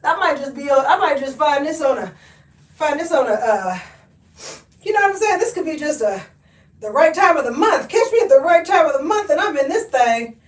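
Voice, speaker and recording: High-voiced woman, laughing livestream chatter. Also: expressive, fairly quick, far from the mic. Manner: chatty, laughing, folksy "honey" and "y'all". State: out of breath. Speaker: thrift haul livestream host. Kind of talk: live try-on chat with viewers. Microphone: camera mic, often stepping away from it. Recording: echoey room, voice often off-mic.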